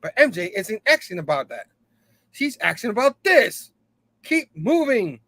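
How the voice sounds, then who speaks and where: Bright-voiced man laughing through a comic recap. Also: high-pitched, very animated, measured pace, no room sound. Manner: laughs often, repeats "you know what I mean"; loosely acts out characters' lines. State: hot and sipping a drink. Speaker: comic book review host. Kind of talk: casual comic recap, paraphrasing dialogue.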